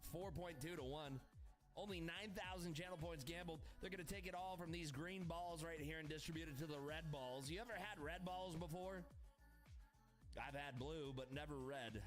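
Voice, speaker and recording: A man's voice: on the high side, normal speed, soft background music. A young man livestreaming his trading, talking casually and crudely with hyped asides to his chat.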